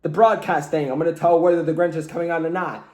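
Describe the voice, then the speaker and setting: A man's voice: on the high side, fairly even intonation, quick pace, darkish tone, reverberant, lightly acted. A man imitating an alarmist male news broadcaster from a cartoon, in casual paraphrase. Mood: alarmed.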